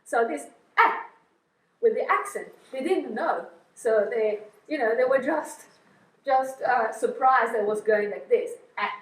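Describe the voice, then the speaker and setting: A middle-aged Italian woman with a high voice tells stories lively as she lectures, with many fillers. She is heard from a distance, in a hall that echoes around her words. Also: a little slow. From Italy. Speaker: guest lecturer. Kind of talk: anecdotal seminar lecture.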